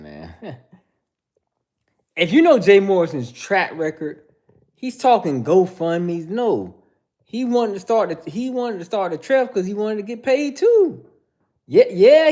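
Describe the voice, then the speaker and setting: A man hosting a livestream, giving blunt, joking commentary and shouting out viewers in the chat. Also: sits high. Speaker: host.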